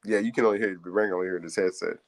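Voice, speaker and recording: A man's voice: low voice, steady tone, rapid-fire, no room sound. A man co-hosting a sports radio show, chatting casually in a slangy, rambling way. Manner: laid-back, slangy, rambling delivery.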